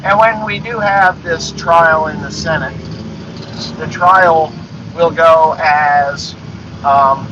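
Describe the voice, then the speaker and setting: A man's voice: on the high side, takes it slowly. A man ranting bluntly in a monologue, swearing and repeating himself. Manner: blunt, profane, repetitive. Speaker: podcast host. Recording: dull lo-fi sound with noise.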